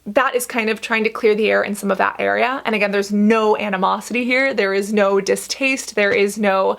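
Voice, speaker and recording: A woman's voice: mid-range voice, creaky, a bit bright. A young woman, a YouTube skincare creator, talking earnestly to camera with lots of fillers. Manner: earnest, chatty, many fillers. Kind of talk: direct-to-camera explanation.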